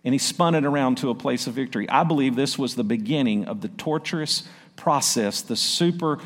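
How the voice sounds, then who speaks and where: A man preaching a sermon as pastor. He reads scripture slowly and loudly, then drops into quick, quieter asides and calls out to the congregation. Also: medium pitch. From South Arkansas. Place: church sanctuary. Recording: long church-hall reverb.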